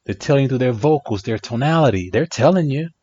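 A man's voice: mid-range voice, lively intonation, fast talker, a little mellow. A man giving relationship advice in a reflective monologue, emphatic and repeating phrases for effect. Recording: dry, dull lo-fi sound.

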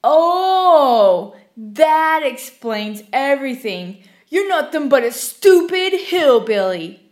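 A woman's voice: high voice, big pitch swings, takes it slowly, voice pushed up, full character voice. A woman doing a sneering rude male customer. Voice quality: mocking, contemptuous.

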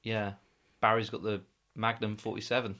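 A man's voice: on the low side, little pitch movement, moderate pace, sharp tone. A man co-hosting a comedy podcast, dry and bemused, playing the skeptic. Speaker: podcast co-host.

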